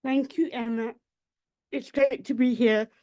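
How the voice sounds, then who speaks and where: A woman from the Black Country in England, reading her own poems in a measured, deliberate way over a video call. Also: fairly high pitch, fairly even intonation, a little mellow. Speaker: poet. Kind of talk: poetry reading.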